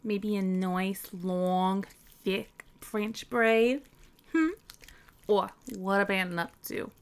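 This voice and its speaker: A woman with a medium-pitched voice plays a teasing, bossy young woman in a scripted audio role-play. She giggles and scolds in mock disgust.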